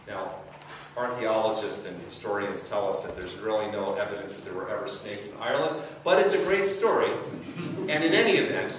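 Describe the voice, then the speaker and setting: A man's voice: fairly high pitch, a bit bright, distant mic. A man preaching a sermon in a conversational, storytelling way. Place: large echoey church sanctuary. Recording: echoey church recording from afar, faint hiss.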